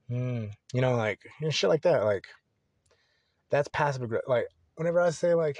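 A man's voice: mid-range voice, lively intonation, moderate pace, a little mellow. A young man talking on his own podcast in a loose, rambling way, full of swearing and restarts. His voice sits in a middle register. The sound is dry and close, with no room echo. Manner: rambling, profane, candid. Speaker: podcast host. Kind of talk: casual solo podcast monologue.

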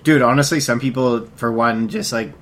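A man's voice: medium pitch, steady tone, moderate pace, a little hiss or hum. A man co-hosting a podcast, joking and teasing his friends. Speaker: podcast co-host. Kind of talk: casual chat.

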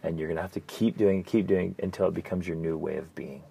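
A man hosting a casual podcast as a family coach, telling stories earnestly and sinking to soft, near-whispered emphasis on key points. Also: low-pitched, fairly even intonation, quick pace, creaky, breathy edge.

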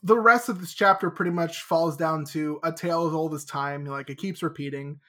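A young adult co-host of a casual book podcast, retelling the story with lively enthusiasm. The voice sits in the middle range and bursts into little acted quotes of the characters. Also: medium pitch, normal speed. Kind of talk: casual book discussion chat.

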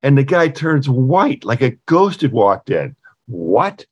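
A middle-aged man, a furniture company owner and podcast guest, telling an anecdote in a halting way, full of fillers and restarts. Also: very animated, slightly rough, no room sound, dull audio. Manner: halting, many fillers and restarts, acts out quoted voices in a higher pitch. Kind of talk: anecdotal storytelling in an interview.

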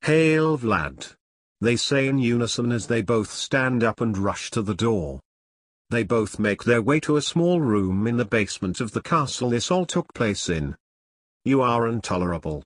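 A man narrating a scripted horror story, reading with lively intonation. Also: mid-range voice, normal speed.

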